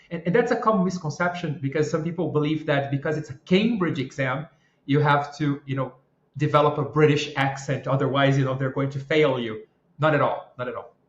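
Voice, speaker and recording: A man who teaches English exam-prep courses, explaining things in a measured way as a podcast guest. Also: medium pitch. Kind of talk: interview guest answering questions. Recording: roomy, muffled mic.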